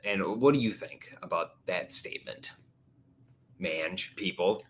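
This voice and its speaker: A man with a low, unhurried voice hosts a casual livestream, joking around in an animated way and slipping into silly voices.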